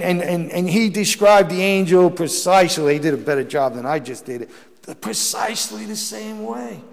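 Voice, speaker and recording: A man, a Catholic priest, preaching a sermon and telling stories with emphatic bursts and frequent restarts. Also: on the high side. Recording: long hall reverb.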